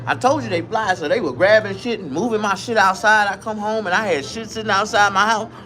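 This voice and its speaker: A man telling a comic story in a profane, rambling, animated way. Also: high-pitched, a little fast.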